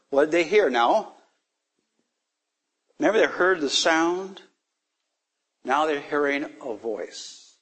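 A man's voice: on the high side, a little slow, long pauses. A man leading a casual Bible study, talking things through, reading verses aloud and joking with the group. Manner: animated, laughing, reads verses aloud.

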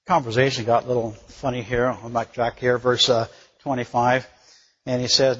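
A man preaching a Bible-teaching sermon, rising to loud emphatic bursts on scripture and dropping quiet and reflective, stumbling over words now and then. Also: medium pitch, little pitch movement, brisk, husky, long reverb tail, dull audio.

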